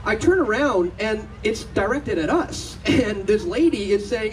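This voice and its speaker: A man's voice: high-pitched, expressive, moderate pace, darkish tone, recorded from a distance, a little hiss or hum, poor audio. A man giving a conference talk, telling anecdotes, acting out the voices of other people and laughing often. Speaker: conference speaker. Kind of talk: storytelling speech to an audience. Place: conference stage.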